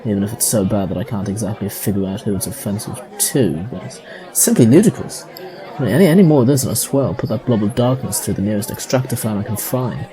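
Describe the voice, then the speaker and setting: A man's voice: fairly low pitch, animated, fast, warm tone, some chatter behind, lightly acted. A man playing a grumpy theatregoer in a comic sketch, ranting sarcastically about the show. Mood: scornful. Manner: sarcastic, indignant rant. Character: grumpy male theatregoer, scornful critic.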